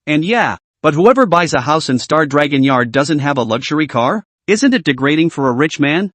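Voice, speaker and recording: A man's voice: fairly high pitch, expressive, moderate pace, a bit bright, no echo. A man voicing a blunt, talkative middle-aged male taxi driver in a read-aloud story, with a rambling, skeptical manner. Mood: teasing. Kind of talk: scripted story narration.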